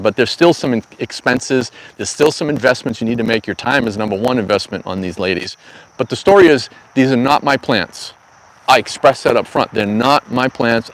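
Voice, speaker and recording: A man's voice: medium pitch, low-quality recording. A middle-aged man talks casually on a live stream from an outdoor garden. He rambles through stories with folksy, slangy asides, sounding like an easygoing host chatting with regular viewers. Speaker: cannabis grow channel host.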